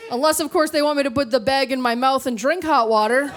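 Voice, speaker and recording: A woman from Canada performing a stand-up comedy set on stage, with animated, mock-indignant storytelling. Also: high-pitched, fast, some chatter behind. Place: comedy club stage with audience laughter.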